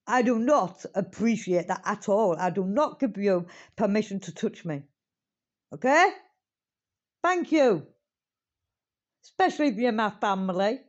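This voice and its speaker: A woman's voice: medium pitch, darkish tone, dull audio. A woman hosting a reaction video, talking dramatically straight to her viewers and swearing now and then. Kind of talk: casual reaction commentary.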